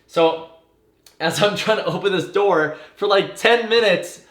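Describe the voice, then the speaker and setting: A man telling a personal story in a casual, animated way, tumbling through details with fillers and swearing. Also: high voice, unhurried. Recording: echoey room.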